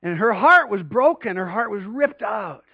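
A man preaching a sermon to a congregation in an animated way, often rising louder and higher in pitch to stress a point. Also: normal speed, vocal fry, slightly rough, no room sound, narrow, tinny audio. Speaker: pastor.

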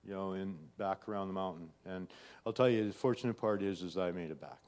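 A middle-aged man with a deep, darkish voice talks fast while sharing his faith testimony. He keeps it conversational, often tacking on "right?" and "you know".

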